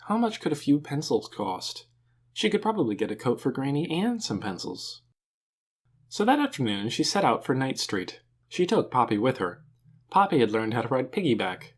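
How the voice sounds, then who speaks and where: Man, audiobook narration, animated, lively pitch, mid voice. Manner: expressive, animated reading.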